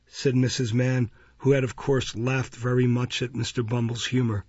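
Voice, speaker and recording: A man narrating a classic novel as an audiobook, in a measured storytelling manner. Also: medium pitch, flat delivery, darkish tone, husky, dry recording. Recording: dull, dry lo-fi recording.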